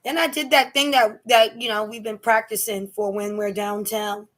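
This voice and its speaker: A woman telling a story to camera in a casual rant, emphatic and animated, acting out her own shouts. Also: a little high, moderate pace, a little hiss or hum. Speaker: vlogger.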